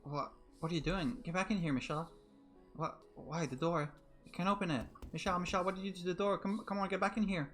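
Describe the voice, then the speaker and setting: A man's voice: high-pitched, fairly even intonation, quick pace, fairly bright tone, soft background music, pitched above the performer's own voice. A man voicing a desperate young woman who pleads and cries out through a locked door, in a visual novel read aloud. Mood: frantic. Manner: frantic, cries out a name.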